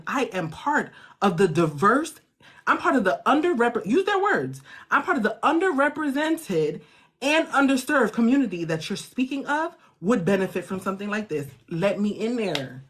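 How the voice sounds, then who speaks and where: A husky-voiced woman hosts a casual coaching chat. She is animated and preachy, throws in slang, and pushes her listener hard, with pitch that jumps high whenever she gets fired up. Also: moderate pace. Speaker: host.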